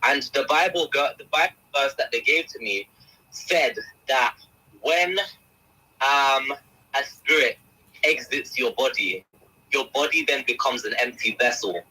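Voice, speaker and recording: A man's voice: mid-range voice, a little slow, bright, forceful tone, breathy edge, low-quality recording. A young man, a guest in an interview, telling an emotional first-person account in an intense, agitated way, often calling the host by name.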